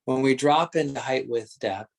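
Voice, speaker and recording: Gentle man guiding a meditation. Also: mid-range voice, creaky. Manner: slow, gentle, searching phrasing with frequent laughter. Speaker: meditation teacher. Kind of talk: guided meditation instruction.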